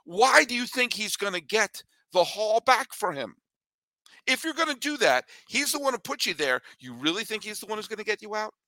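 Animated bright-voiced sports podcast host. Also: male voice, sits high, moderate pace, dry recording. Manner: animated, ranting, joking. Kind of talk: energetic sports talk with ad read.

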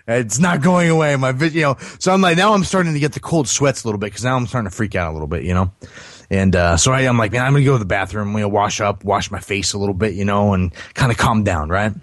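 A man's voice: fairly low pitch, quick pace, dry recording, clean studio sound. A man telling a long personal story on a podcast, rambling with many fillers and restarts. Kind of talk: casual storytelling.

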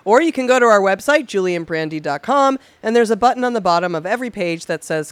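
A woman's voice: medium pitch, lively intonation, fast talker, hardly any pauses, clean tone, no echo. A woman co-hosting a podcast in casual chat, blunt, profane and fired-up. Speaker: podcast co-host.

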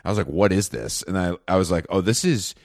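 Low-voiced man teasing his co-host. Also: darkish tone, dry recording, studio quality. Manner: teasing, profane, quick wisecracks. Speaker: podcast co-host. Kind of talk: casual chat.

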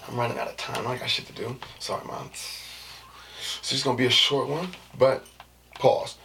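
Recorded from a distance amid heavy noise, this man in his thirties talks at normal speed with a medium pitch and vocal fry. A vlogger doing a casual monologue, he speaks in loose, animated slang, occasionally whispering or using jokey put-on voices.

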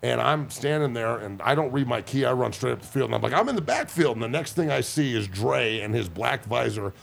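A man's voice: mid-range voice, a little fast, creaky, slight background noise. A man and former football player chatting on a podcast as a guest, telling rowdy, profane stories. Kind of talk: casual podcast chat.

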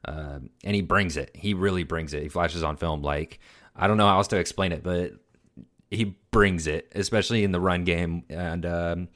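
A man with a very low voice talks in a casual podcast chat, growing excitable and gushing as he goes. He repeats words and phrases, stumbling over himself when he gets carried away. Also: normal speed. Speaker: podcast co-host.

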